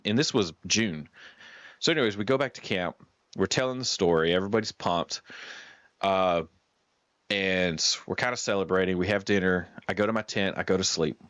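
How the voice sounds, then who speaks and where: A man casually telling a hunting story on a stream, animated and acting out what his guide said. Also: low-pitched, no echo. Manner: animated, acts out the guide's words.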